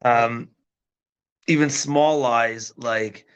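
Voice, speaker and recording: A rabbi teaches a parenting class in a lively, conversational way, often turning to his listeners to make sure they follow. His voice sits a little high for a man. The recording is dull and lo-fi. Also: normal speed. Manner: animated, keeps checking in with listeners. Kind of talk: casual teaching talk. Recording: dull lo-fi sound.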